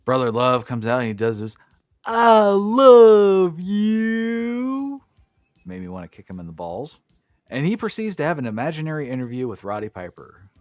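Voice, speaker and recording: A man's voice: medium pitch, expressive, fast talker, no room sound, clean studio sound, faint music behind. A man co-hosting a podcast, recapping wrestling matches in a casual, profane, enthusiastic play-by-play way. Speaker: podcast co-host.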